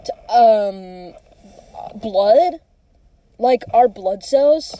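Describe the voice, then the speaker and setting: A woman's voice: fairly high pitch, expressive, drawn-out words, dark tone. A young woman co-hosting a podcast, chatting casually, rambling with lots of "like" and restarts. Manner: rambling, full of "like" and restarts, giggly. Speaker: podcast co-host. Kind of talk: casual chat.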